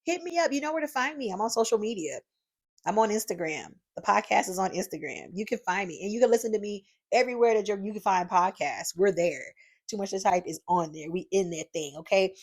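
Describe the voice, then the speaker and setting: A woman hosting her own podcast, talking solo in a lively, encouraging way from her home craft room, calling her listeners "y'all.". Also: medium pitch, a little fast. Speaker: podcast host. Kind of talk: casual solo podcast monologue.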